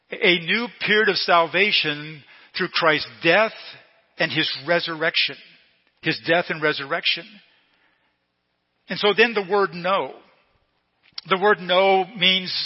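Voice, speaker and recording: A middle-aged male pastor preaching a sermon slowly and emphatically, repeating key phrases. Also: fairly high pitch. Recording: long reverb in a hall, dull lo-fi sound.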